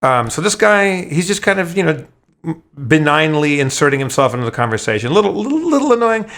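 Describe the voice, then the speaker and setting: A man's voice: on the high side, brisk, a bit bright. Profane, rambling male podcast host. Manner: rambling, stammering restarts, profane. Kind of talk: casual storytelling chat.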